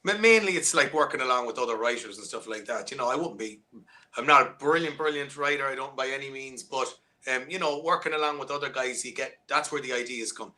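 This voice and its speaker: Irish guy musician chatting on a video call, bright ringing voice, rambles n restarts a lot. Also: mid-range voice, fast talker. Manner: rambling, with many restarts and fillers. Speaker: musician guest. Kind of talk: casual interview chat.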